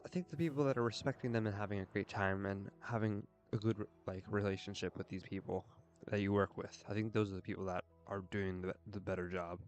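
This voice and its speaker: A man's voice: lowish voice, fairly even intonation, brisk, faint music behind. A young man streaming a game and talking in an earnest, rambling way, full of fillers. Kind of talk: casual rambling chat while gaming.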